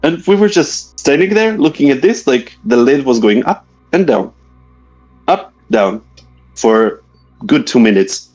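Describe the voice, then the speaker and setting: A man's voice: medium pitch, animated, unhurried, a little mellow, muffled recording, soft background music. A man telling a guest's ghost story in a casual, hesitant way, often searching for words. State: a little shaky from reliving memories.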